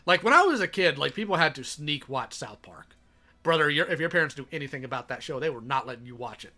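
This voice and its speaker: A man's voice: mid-range voice, fast, sharp tone. A man live-streaming his reaction to a video, chatting sarcastically and reading donations aloud.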